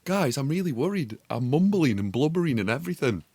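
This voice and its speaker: A man from the chatting as a podcast co-host, teasing with quick quips and banter. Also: a little high, very animated, a little mellow, slightly rough. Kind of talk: casual chat.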